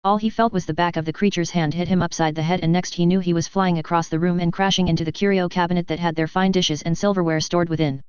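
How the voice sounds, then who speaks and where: Crisp, smooth audiobook narrator. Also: medium pitch, steady tone, fast talker, few pauses, darkish tone, no room sound. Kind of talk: audiobook fiction reading. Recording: slightly dull, lo-fi.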